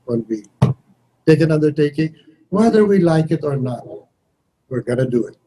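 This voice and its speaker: A man's voice: fairly high pitch, expressive, moderate pace, dark tone, slight background noise, rough recording. An older man from the Philippines giving blunt, wry interview answers as a foreign minister, sometimes acting out the voices of others. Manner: blunt, wry, acts out others' lines with shifts in voice.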